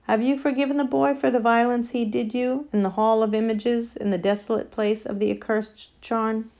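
A woman voicing a great wise male lion, speaking in a grave, measured, formal way in an audiobook. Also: a little high, level tone, gravelly, darkish tone. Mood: solemn. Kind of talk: audiobook character voice.

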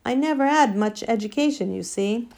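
A woman's voice: a little high, moderate pace, gravelly, a little mellow. A woman voicing a humble middle-aged male cabdriver with a Cockney accent, speaking in a homely, deferential way in an audiobook. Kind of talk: audiobook character voice.

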